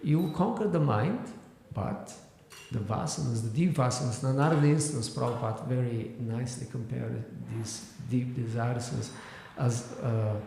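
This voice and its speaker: Male lecturer, scripture class, gravelly mellow voice, halting delivery, booming echoey hall. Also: slight background noise. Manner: explanatory, halting with fillers and restarts. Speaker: spiritual teacher. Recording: echoey hall with long reverb.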